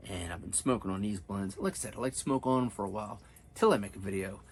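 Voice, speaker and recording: A man's voice: lowish voice, fast, slight background noise. A middle-aged man hosting a pipe-smoking video, chatting casually at home in a rambling, self-deprecating way. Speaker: pipe-smoking channel host. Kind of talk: casual chat to camera. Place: home, downstairs room with family upstairs.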